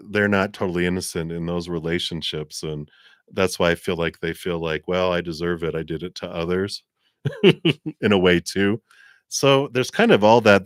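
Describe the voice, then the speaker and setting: A man's voice: low voice, dry recording, studio quality. A man giving a live tarot and astrology reading in a rambling, conversational way with many fillers. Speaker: tarot reader.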